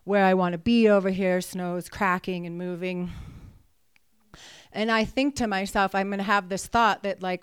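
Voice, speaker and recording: Woman, storyteller, animated, acts out her thoughts, crisp clear voice, dry close sound. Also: mid-range voice, normal speed, no echo. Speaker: storyteller, mountain guide. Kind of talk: personal storytelling.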